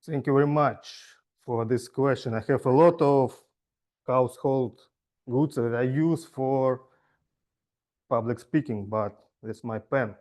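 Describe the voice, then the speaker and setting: A man giving an impromptu speech in halting, broken English at a speaking club. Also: medium pitch, darkish tone. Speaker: club member answering an impromptu question.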